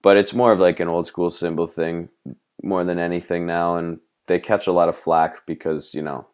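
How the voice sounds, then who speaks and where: Man, very low voice, from Canada, laid-back, casual swearing, band guest. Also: little pitch movement, moderate pace, a little mellow, smooth. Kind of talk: casual interview chat.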